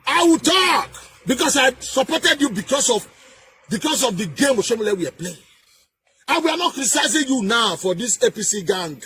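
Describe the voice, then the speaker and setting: A man with a Nigerian accent delivering a heated political rant, emphatic and repetitive, with sing-song rises and shouted bursts. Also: very high-pitched, very animated, normal speed, a little hiss or hum. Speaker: political commentator.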